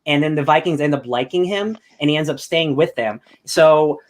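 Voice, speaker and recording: Young man, podcast host, casual chat, rambling, excitable, slightly high voice. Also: normal speed, a little hiss or hum. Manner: excitable, rambling, with bursts of loud enthusiasm.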